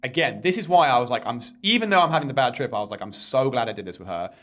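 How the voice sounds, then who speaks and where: A young man talks fast on a casual podcast, piling on quoted back-and-forth as he tells a story. His pitch sits in a middle range and he rambles from one beat to the next. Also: slight background noise. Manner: rambling, animated retelling with quoted dialogue. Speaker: podcast co-host.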